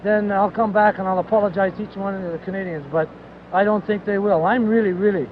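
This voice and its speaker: A man giving an emotional, halting post-game TV interview, repeating himself. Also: sits high, fairly even intonation. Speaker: hockey player speaking on TV. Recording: dull archival broadcast with faint noise.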